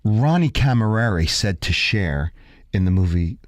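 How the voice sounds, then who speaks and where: A man hosts a casual radio chat, rattling off studies between halting restarts. His voice is low. The recording is dry and close. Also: expressive, dry recording. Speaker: radio show host.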